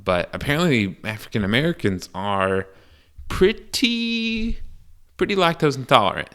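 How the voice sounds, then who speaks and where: Crude rambling young man, low bright voice. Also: big pitch swings, brisk. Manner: rambling and crude, full of fillers and restarts. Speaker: podcast host. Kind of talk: casual solo podcast monologue.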